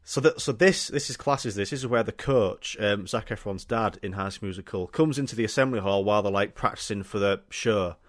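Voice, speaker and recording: A young man hosting his comedy podcast, talking excitedly, swearing freely and laughing at his own jokes. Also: fairly low pitch, fairly quick, hardly any pauses, dry recording, studio quality. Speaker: podcast host. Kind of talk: casual comedic monologue.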